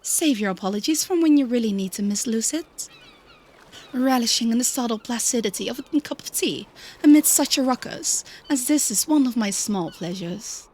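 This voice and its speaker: A woman voicing a haughty, refined noblewoman chaperone, lowering her voice a bit and speaking in a lofty, formal way. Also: animated, normal speed, darkish tone.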